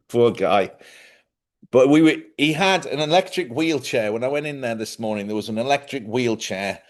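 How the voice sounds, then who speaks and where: A man's voice: medium pitch, animated, moderate pace. A middle-aged man, hosting a casual livestream monologue, a chatty storyteller who laughs often and acts out other people's voices. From Ireland. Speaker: livestream host.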